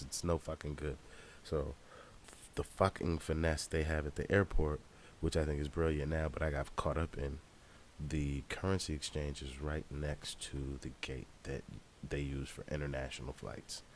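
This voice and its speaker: Rapper-vlogger type: very low-pitched man, swearing freely through a loose travel story. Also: a little hiss or hum. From United States. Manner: profane, loose and ranting. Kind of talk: casual travel vlog storytelling.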